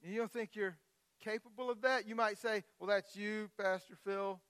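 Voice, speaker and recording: A middle-aged male pastor delivers a sermon in a high, bright voice. He reads scripture softly, then rises into loud, fervent exclamations. The sound is close and dry. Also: fairly even intonation, moderate pace, smooth, no echo. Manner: builds from quiet scripture reading to loud impassioned exclamations.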